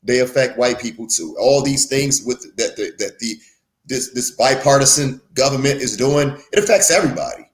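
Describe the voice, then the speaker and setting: A man appearing as a guest on a livestream talk show, earnest and halting, often trailing off into a low voice. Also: expressive. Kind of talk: livestream commentary.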